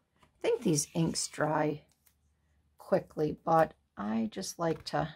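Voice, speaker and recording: A woman's voice: low-pitched, slow, gravelly, a little mellow, husky. A woman hosting a card-making tutorial, thinking aloud in a casual, musing way as she works. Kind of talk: casual crafting tutorial talk.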